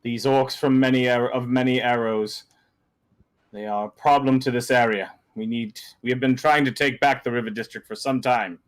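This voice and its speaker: A man's voice: mid-range voice, fairly even intonation, moderate pace, smooth, lightly acted. A man voicing a stern, suspicious male guard commander who speaks in formal, old-fashioned commands for a tabletop game.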